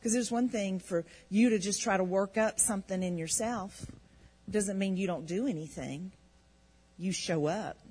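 Husky-voiced woman telling a faith story, animated, trips over her words when excited. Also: mid-range voice, rough recording. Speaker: ministry show co-host. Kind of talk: testimony storytelling.

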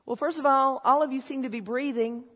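A woman preaching a sermon in a church, telling stories and swinging from low, confiding talk to shouted excitement. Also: fairly quick. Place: church hall. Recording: long hall reverb.

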